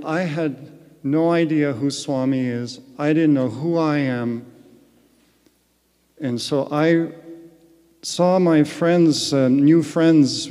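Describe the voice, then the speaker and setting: A man's voice: on the high side, warm tone. A man giving an earnest personal spiritual testimony as a guest speaker in a large retreat hall. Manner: earnest storytelling. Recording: long echo of a large hall.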